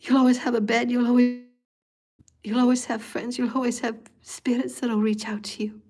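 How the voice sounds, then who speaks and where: A woman doing a tender spirit speaking as a loving mother to a child in whispered role-play. It is hushed and reassuring, with a slightly raised, airy whisper, delivered slowly and softly in a meditation recording. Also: fairly high pitch, little pitch movement, lightly acted.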